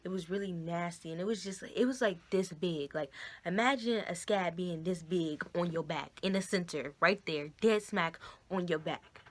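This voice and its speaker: A woman's voice: on the low side, moderate pace. A woman vlogger telling a story casually to her camera, chatting directly with her viewers as y'all and guys, recorded on a phone camera.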